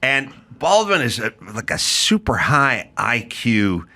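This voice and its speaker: A man's voice: mid-range voice, sing-song, slow pace, pushed and bright. A man hosting a podcast in casual chat, riffing sarcastically and slipping into mock accents. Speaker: podcast host.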